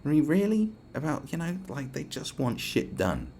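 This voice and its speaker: Gravelly, animated British man ranting. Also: fairly high pitch, moderate pace, a little hiss or hum. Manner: profane, ranting, sarcastic. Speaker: podcast host. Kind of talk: casual podcast rant.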